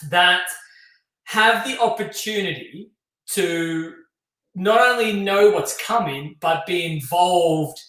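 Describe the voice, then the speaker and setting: A man's voice: high-pitched, slow, pushed and bright, distant mic. Chatty Australian man in an echoey room. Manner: chatty, loose, lots of fillers. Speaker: show host. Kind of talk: casual hosted talk.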